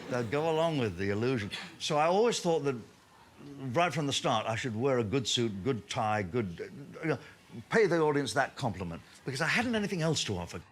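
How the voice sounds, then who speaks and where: A man, a comedian telling anecdotes on stage in lively storytelling punctuated by laughter. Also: medium pitch, normal speed, a little hiss or hum.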